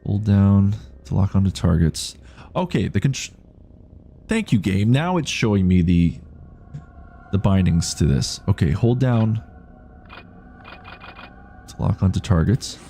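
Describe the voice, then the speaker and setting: Gravelly deep Canadian streamer. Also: male voice, expressive, measured pace, long pauses, warm tone, slight background noise. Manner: chatty, thinking aloud, reading prompts. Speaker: game streamer. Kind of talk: live gameplay commentary.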